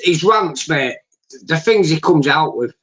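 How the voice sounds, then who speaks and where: Excitable high-voiced man. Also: a little slow. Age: middle-aged. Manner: excitable, swears freely, laughs a lot. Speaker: guest on a livestream. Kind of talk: casual banter. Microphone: on a tablet, call audio.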